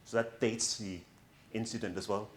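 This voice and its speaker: In front of an audience in a big room that echoes, a middle-aged man gives a coaching presentation. His voice is lowish with fairly even intonation at a normal speed, and he is sincere and convincing, occasionally poking fun at himself.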